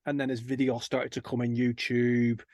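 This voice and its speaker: A man, an energetic guest in an interview, telling stories and acting out the people he quotes. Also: mid-range voice, moderate pace, no room sound, clean studio sound. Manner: energetic storyteller who acts out quoted people. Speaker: guest, kindness campaigner. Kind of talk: animated interview chat.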